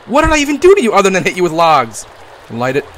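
Young man, gaming commentary, lively swooping pitch, playful, crude, faint hiss behind. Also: quick pace. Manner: playful, swings from mock-tender to yelling and swearing. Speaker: gaming YouTuber. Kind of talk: comedic gameplay commentary.

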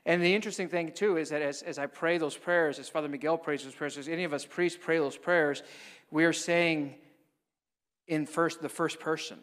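A Catholic priest speaks in a slightly high voice, telling stories in a loose, conversational way and often tagging his lines with "right?". His voice rings out with a long reverb in a church, and it suits a mission talk. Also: fairly even intonation, moderate pace, a bit bright. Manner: conversational, frequent "right?" tags.

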